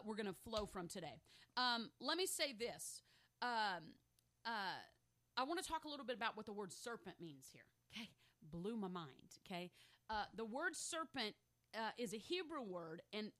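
A woman pastor delivers a sermon in a bright, somewhat high voice. She moves from calm scripture reading and teaching to fervent, emphatic declarations, often checking in with her congregation. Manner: fervent, checks in with "okay?" and "amen?"; builds from reflective to loud emphatic declarations. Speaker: preacher.

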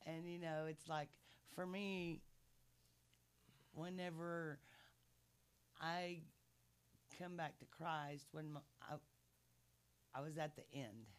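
Slow, gravelly-voiced woman sharing faith. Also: deep voice. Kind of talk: casual faith conversation.

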